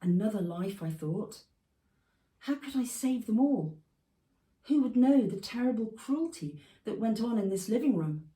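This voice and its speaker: A woman reading her own childhood memoir aloud at a festival, measured and expressive. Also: a little high. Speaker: prize-winning author reading her own memoir piece. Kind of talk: literary reading. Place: festival venue. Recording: roomy, from a distance.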